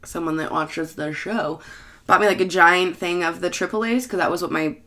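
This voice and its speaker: A woman in her thirties rambles through a casual monologue, swearing freely and laughing at herself. Her voice sits on the lower side, yet its tone is bright and forceful. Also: moderate pace. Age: 30s. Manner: profane, self-mocking, laughs often. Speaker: bartender and show host.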